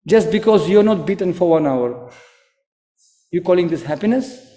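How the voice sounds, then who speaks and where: A man from Ukraine preaching a sermon, animated and acting out quoted voices. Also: high-pitched, moderate pace. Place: temple hall. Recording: echoey hall.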